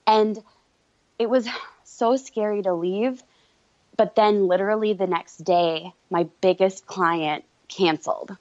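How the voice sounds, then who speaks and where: A woman guest telling her story in a candid, quick-talking way. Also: medium pitch, a little mellow, no room sound. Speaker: guest entrepreneur. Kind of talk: casual interview chat. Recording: dull lo-fi recording.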